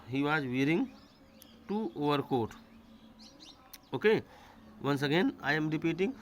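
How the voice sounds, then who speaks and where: A man's voice: fairly high pitch, animated, a little hiss or hum, rough recording. Male teacher explaining line by line. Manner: repeats and paraphrases each line slowly. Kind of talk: line-by-line literature lecture.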